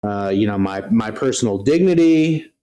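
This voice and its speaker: A man's voice: on the low side, lively intonation, normal speed, dark tone. A man co-hosting a casual livestream, bantering with a joking, self-deprecating manner. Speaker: livestream co-host.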